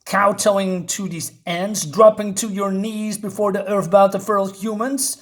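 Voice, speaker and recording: A man's voice: a little high, lively intonation, normal speed, lightly acted. A man voicing a furious, scornful warrior princess, reading her comic-book lines aloud.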